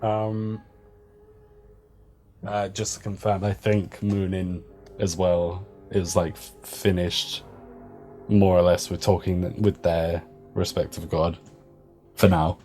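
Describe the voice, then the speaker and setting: A man's voice: low voice, little pitch movement, slow pace, long pauses, darkish tone, faint music behind. A man playing a tabletop role-playing game, describing his character's actions hesitantly with lots of fillers. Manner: hesitant, many fillers and restarts. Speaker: player.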